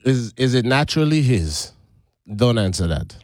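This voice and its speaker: Animated man in heated banter. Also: mid-range voice, moderate pace, no echo. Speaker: podcast co-host. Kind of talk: casual chat.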